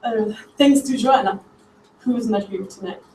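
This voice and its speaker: A woman with a French accent, a native French speaker, reading her own poems at an open mic in a cafe in a measured, deliberate way. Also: mid-range voice, a little mellow, slight background noise. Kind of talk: poetry reading. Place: cafe venue. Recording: echoey cafe room, mic far off.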